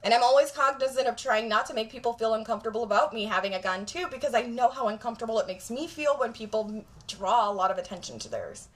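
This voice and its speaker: A woman's voice: a little high, expressive, fast talker, hardly any pauses. A woman vlogger talking straight to camera in a blunt, profane, emphatic rant. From Jamaica.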